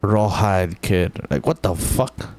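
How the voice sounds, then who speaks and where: A man's voice: deep voice, lively intonation, takes it slowly, a little mellow. A man streaming live, chatting casually and thinking aloud, swearing freely and filling his talk with "like".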